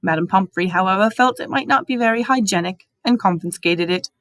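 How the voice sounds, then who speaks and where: A woman voicing a calm, kindly old male headmaster wizard who speaks gently and formally, in a dry storybook reading. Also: mid-range voice, a little fast, no room sound, lightly acted. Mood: gentle.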